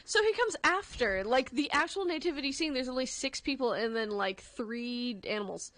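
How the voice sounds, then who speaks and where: A woman's voice: high-pitched, expressive, normal speed, a bit bright, no echo. A woman radio host chatting casually on air in a wry, chatty way. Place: radio studio.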